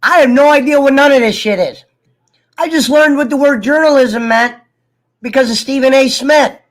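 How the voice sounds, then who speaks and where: The man's voice is extremely high-pitched and moves at a normal speed. Sick and coughing, he rambles casually to viewers, swearing and joking, with laughter breaking in between the coughing fits.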